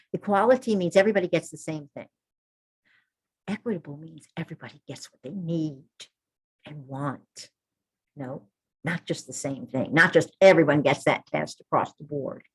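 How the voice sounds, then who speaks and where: A middle-aged woman with a low, slightly husky voice talks about her work as a birth keeper. She speaks earnestly and informally and often pauses for a reassuring "all right" or "okay". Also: poor audio. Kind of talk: informal talk to an audience.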